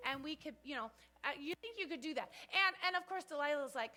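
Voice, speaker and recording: A woman teaching a children's church Bible lesson in an animated way, often asking the kids questions. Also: extremely high pitch, a little fast.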